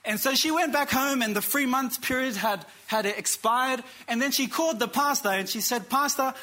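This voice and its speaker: A man preaching a sermon, telling a story with dramatic pauses and calling out to the congregation. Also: very high voice, sharp tone. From Australia. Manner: dramatic pauses, quotes characters, calls for amen.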